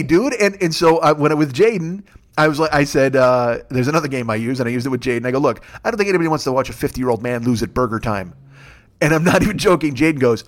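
A comedian and podcast host in his fifties tells a rambling, profane story as a monologue, breaking into exasperated rants. His medium-pitched voice is expressive and quick.

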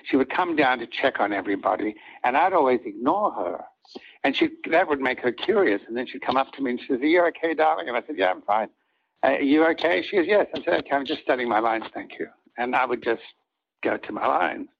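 An older man with a husky voice, a soap opera actor telling rambling anecdotes in an interview and acting out what others said. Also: mid-range voice, animated, fast, dull audio. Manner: rambling, acts out quoted lines of others.

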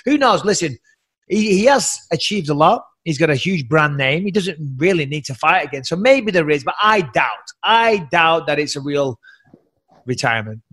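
A man's voice: on the high side, lively intonation, moderate pace, fairly bright tone. An English man and former fighter co-hosting a podcast, blunt and jokey with plenty of swearing, talking from home. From England. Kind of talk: casual podcast chat.

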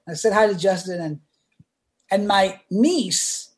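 A man's voice: high-pitched, a little slow. A man who is a podcast guest, telling a casual anecdote and acting out the voices of the people in it. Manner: animated, acts out quoted voices. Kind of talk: casual storytelling.

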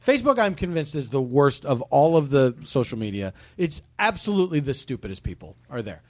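A man's voice: medium pitch, big pitch swings, brisk. A man talking as a podcast guest, emphatic and indignant, saying "like" often. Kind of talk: casual podcast chat.

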